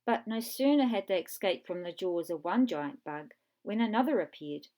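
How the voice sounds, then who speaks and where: A woman narrating a children's storybook in a clear, measured way with dramatic pauses. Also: mid-range voice, expressive, warm tone.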